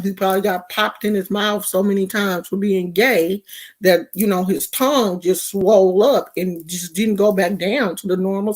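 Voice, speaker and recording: Slow-talking, slangy woman vlogger. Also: medium pitch, darkish tone. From California. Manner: slangy, mocking, rambling. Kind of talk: casual gossip commentary.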